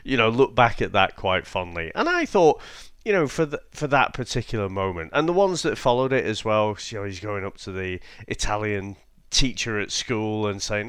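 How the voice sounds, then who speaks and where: Male podcast co-host, low and smooth, dry close sound, casual chat about a film with frequent laughs. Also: animated, fairly bright tone, dry recording. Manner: laughs often, measured with many fillers.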